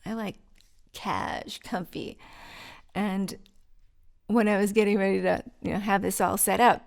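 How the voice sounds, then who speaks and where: A woman's voice: medium pitch, fairly even intonation, a little slow, gravelly. A middle-aged woman hosting a vlog, chatting at home in a giggly, rambling, self-mocking way. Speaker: vlog host. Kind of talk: casual rambling monologue to camera. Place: sitting on the floor at home. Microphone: mic set up by her partner.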